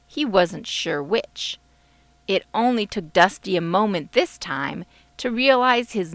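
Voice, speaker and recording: A woman, the author, narrating her children's storybook in a gentle, expressive way. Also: medium pitch, no echo. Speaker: author reading her book. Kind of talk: audiobook narration.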